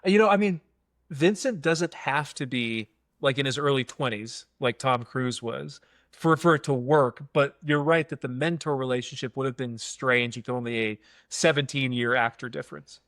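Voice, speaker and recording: A man's voice: mid-range voice, normal speed, a bit bright, dry recording, studio quality. A man co-hosting a casual film podcast, easygoing, with short reactions and frequent laughter. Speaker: podcast co-host.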